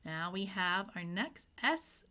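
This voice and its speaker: With a mid-range, sing-song voice that sounds bright and forward, a woman guides young children through reading in a phonics lesson. Slowly and without hurry, she spells out each letter and sounds out every word, speaking to the children and nudging them with gentle questions to prompt answers.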